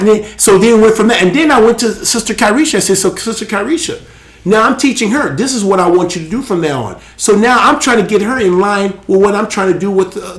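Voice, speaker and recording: A man hosting a live show, preaching with emphatic, animated delivery and laughing asides. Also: high voice. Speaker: host.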